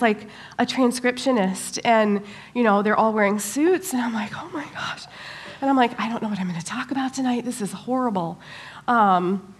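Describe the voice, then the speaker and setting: A middle-aged woman giving a church talk, telling a personal story in an animated way, with many pauses and fillers. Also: on the high side. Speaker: church speaker.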